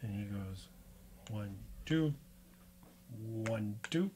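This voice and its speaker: A man taking his turn in a board game, hesitating and counting spaces aloud. He talks very slowly, with clear background noise under the recording. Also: lowish voice, expressive. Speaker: player. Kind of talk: casual board game play.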